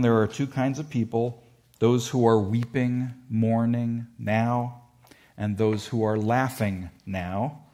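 Male Bible teacher, mid-pitched, measured lecturing, slows for quoted scripture. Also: mellow. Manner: measured, explanatory, slows to stress quoted verses.

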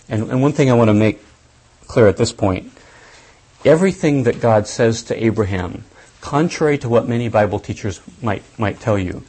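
A man giving a lecture on scripture, thinking aloud deliberately and stressing key points. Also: lowish voice, mellow, breathy edge, low-quality recording. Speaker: Bible teacher.

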